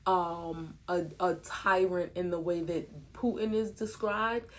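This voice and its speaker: A woman co-hosting a podcast, talking in a measured, reasoned way in casual chat. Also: on the low side, steady tone. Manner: measured, reasoned, hedges with "I think" and "you know". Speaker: podcast co-host.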